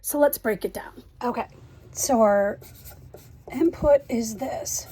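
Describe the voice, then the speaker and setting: A woman's voice: fairly high pitch, takes it slowly, mellow, husky. A young adult woman talking frankly to the camera in a casual vlog, open and self-deprecating about her daily life and money. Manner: frank, self-deprecating, talks to viewers directly. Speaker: single mom vlogger.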